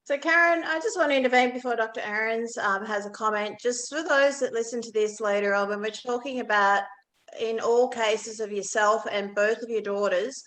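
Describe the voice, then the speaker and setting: A woman's voice: on the high side, normal speed, a bit bright. Careful woman moderator in an echoey room. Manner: careful, clarifying disclaimers. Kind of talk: hosting a Q and A.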